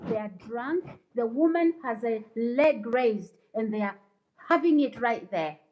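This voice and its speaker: Livestream host, woman, slightly high voice, slow and preachy, indignant when she lectures. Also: animated, lo-fi sound, slight background noise. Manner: indignant, preachy, reads viewer comments aloud. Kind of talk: casual livestream chat with viewers.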